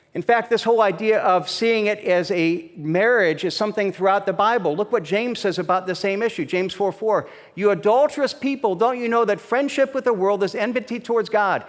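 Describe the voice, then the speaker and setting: A man delivers a sermon in a conversational, storytelling way, stumbling over restarts and then pressing his points with emphasis. His voice sits high for a man. The sound carries the long reverb of a church hall. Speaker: pastor. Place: church sanctuary.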